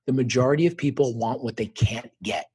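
A middle-aged man speaking as an interview guest, earnest and reflective, telling personal stories and lively when quoting others. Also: mid-range voice, a little fast, husky. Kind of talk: conversational interview storytelling.

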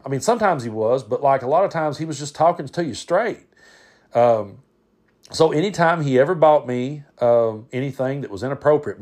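A man's voice: medium pitch, a little mellow. Man telling stories with restarts. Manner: rambling, repeats words, frequent restarts. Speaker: podcast host. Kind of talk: casual storytelling monologue.

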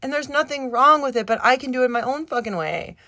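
A woman's voice: high-pitched, fast, sharp tone, dry recording. Fired-up swearing woman podcaster. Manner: swears constantly, impassioned and rambling; emotional, near tears at times. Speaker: podcast host. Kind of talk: casual solo podcast monologue.

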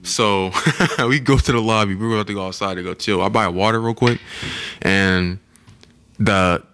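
A man's voice: fairly low pitch, steady tone, normal speed, fairly bright tone, slight background noise. A young man co-hosting a casual podcast, telling a travel story in a laid-back, rambling way with frequent laughs. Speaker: podcast co-host.

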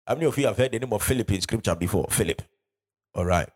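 A man preaching a sermon in a church hall, urging the congregation along and rising loud when he reads scripture. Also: fairly low pitch, lively intonation, fast.

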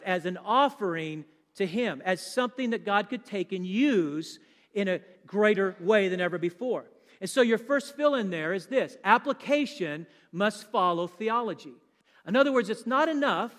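Guy preaching at church, high voice, jokey and chatty, lots of questions to the crowd, big hall echo. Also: a bit bright. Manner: conversational and joking, quizzes the congregation. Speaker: guest speaker preacher. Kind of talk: sermon.

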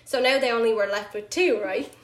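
A woman telling a story in a casual chat, animated, full of "like" and "right?", laughing often. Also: on the high side, brisk. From Ireland. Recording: roomy echo.

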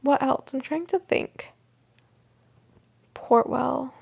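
Young woman, podcast host, high-pitched, gravelly fry, rambling, filler-heavy casual chat. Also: slow pace, a little mellow. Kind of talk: casual solo podcast chat about a TV show.

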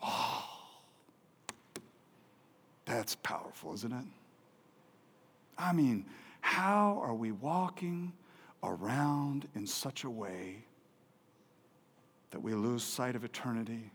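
A man preaching a sermon with passion, swinging from loud, emphatic peaks to low, quiet stretches. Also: lively intonation, slow, long pauses, breathy edge. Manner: impassioned preaching, rising loud for emphasis and dropping low and soft. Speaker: pastor. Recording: long hall reverb.

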